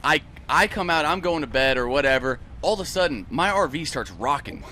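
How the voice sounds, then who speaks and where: A man guesting on a casual podcast, telling stories in an animated, profane way. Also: a little high, brisk, slight background noise. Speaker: guest musician. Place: outdoor festival podcast setup.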